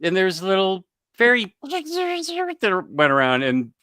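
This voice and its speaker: Slow, bright-voiced man, hesitant. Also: high-pitched, wildly swooping pitch. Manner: unhurried, hesitant, searches for words. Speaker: co-host of a comics show. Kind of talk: casual chat.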